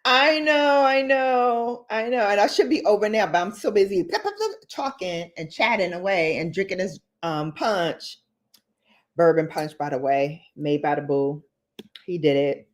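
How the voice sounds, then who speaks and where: A woman's voice: fairly low pitch, moderate pace. A woman hosting a casual livestream, chatting with viewers in a playful, laughing way and repeating phrases for emphasis. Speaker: beauty livestream host.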